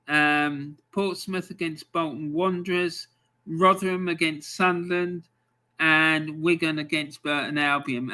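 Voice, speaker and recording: Casual male stream host, unhurried delivery with ums, bright tone. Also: high voice. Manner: chatty, reads out fixtures with frequent ums. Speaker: live football score stream host. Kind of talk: casual live-stream commentary.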